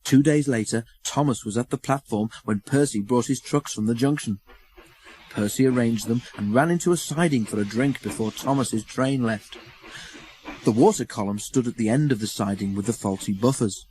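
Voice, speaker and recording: A man narrating a children's storybook in a measured, expressive way on a close studio mic. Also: mid-range voice.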